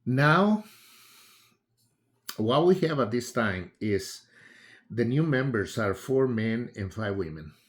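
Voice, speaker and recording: Slow-talking man. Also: medium pitch, animated. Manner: unhurried, halting, with frequent fillers and restarts. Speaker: political commentator. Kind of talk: casual spoken commentary.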